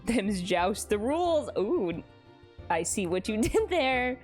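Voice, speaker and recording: Her medium-pitched voice takes its time as she live-streams, laughing frequently and gushing over fan art in easygoing chat. Soft music plays behind her.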